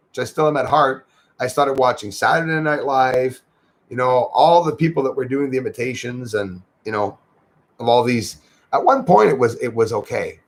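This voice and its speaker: A man with a gravelly, rough-edged voice at a middle pitch hosts a casual livestream. He talks in a chatty, upbeat way, greeting and thanking viewers as he goes. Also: poor audio. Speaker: livestream host.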